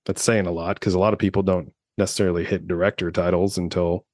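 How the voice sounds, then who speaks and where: A man in his thirties co-hosts a podcast, rambling in casual chat with lots of fillers and free swearing. His deep voice is level, fast, and darkish, recorded with clean studio sound and no echo.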